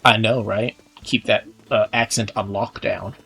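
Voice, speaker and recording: A man's voice: on the low side, steady tone, measured pace, creaky, pushed and bright, husky. A young man from Texas with a Texan accent, casually commenting on a game in a rambling, chatty way full of filler words. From Texas, USA. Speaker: gaming channel host.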